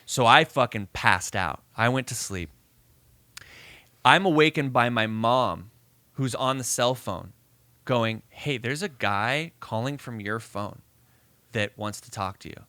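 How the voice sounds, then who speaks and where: A man's voice: medium pitch, unhurried, clear, resonant tone, no echo. A man co-hosting a podcast, telling a story in casual chat, swearing and acting out the voices of people in it. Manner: animated, swearing, acts out voices in his story. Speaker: podcast co-host.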